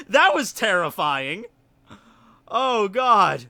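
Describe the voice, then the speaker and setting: A man with a Southern US accent, telling a story in casual livestream chat, rambling and animated with lots of fillers. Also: sits high, slow, long pauses. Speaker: YouTuber hosting a livestream.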